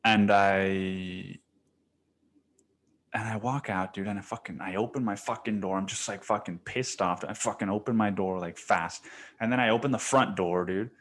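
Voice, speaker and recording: A young man hosting a podcast tells a story at a moderate pace in a fairly low voice. He's profane, animated, and slangy, repeatedly calling the listener "dude."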